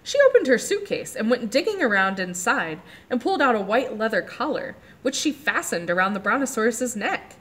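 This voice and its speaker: A woman reads a chapter book aloud at children's story time, her voice swooping up and down with lively expression. She stops now and then to ask the kids about the pictures. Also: on the high side, a little fast, few pauses, breathy edge. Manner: animated, asks the kids questions about the pictures.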